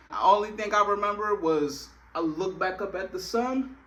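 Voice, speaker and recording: A man's voice: high-pitched, fairly quick, a bit bright. A young man telling a personal story in a casual, slangy way, full of filler phrases.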